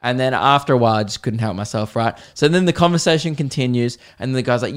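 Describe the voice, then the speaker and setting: Aussie comedy podcast guy ranting, sweary and mocking, smooth clear voice. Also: mid-range voice, fast talker, few pauses. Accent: Australian. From Australia. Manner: animated, profane, mocking. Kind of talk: comedic storytelling rant.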